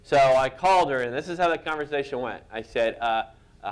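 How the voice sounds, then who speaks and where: A man sits for an interview and tells stories about his career with lively, self-deprecating humor. His voice sits in an ordinary middle register, and he often breaks into amused laughter at his own anecdotes. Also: medium pitch, fairly quick, clean tone. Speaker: cartoonist guest.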